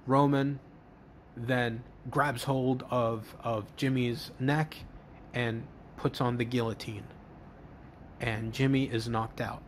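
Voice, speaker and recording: A man's voice: medium pitch, flat delivery, slow, a little hiss or hum. A man casually narrating an imagined wrestling show step by step, often restarting and repeating words as he goes. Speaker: host, fantasy booker. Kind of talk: casual play-by-play storytelling.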